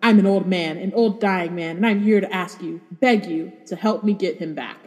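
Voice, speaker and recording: A woman reading out the lines of an old, dying father who pleads for help, in a low, flat voice. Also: normal speed, close to an everyday voice. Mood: pleading. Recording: long hall reverb.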